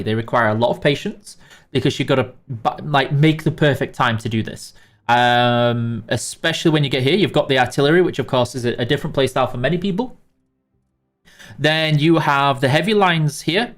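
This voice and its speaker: Chatty British man streaming a game. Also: a little high. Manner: chatty, reads out chat names, many fillers and restarts. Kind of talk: live-stream game tutorial.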